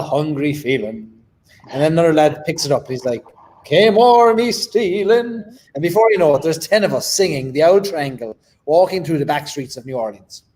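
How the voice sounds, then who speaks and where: A man's voice: on the high side, dark tone. A man hosting a casual chat, teasing his guest and telling stories. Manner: chatty, teasing storyteller. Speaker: host.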